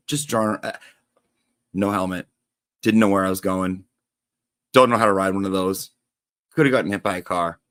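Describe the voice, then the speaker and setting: Low-voiced guy gossiping on stream, theatrical, swears a lot, dry sound. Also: a bit bright, no echo. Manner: chatty, gossipy, swears casually. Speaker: comedic teacher persona. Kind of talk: gossipy livestream monologue.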